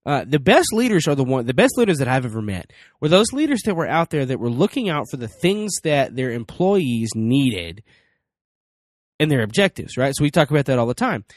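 Man, casual parenting advice, acts out dialogues, lively swings in pitch, dry close recording. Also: brisk, no room sound. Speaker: parenting speaker.

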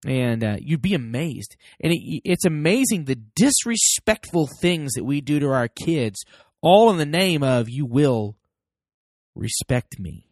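An American man speaking to his podcast listeners about parenting. His voice sits fairly high and swings widely in pitch as he talks emphatically. The recording is close and dry, with no room sound. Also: a little slow, no echo. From United States. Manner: animated and emphatic, acts out both sides of little dialogues. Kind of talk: motivational talk to listeners.

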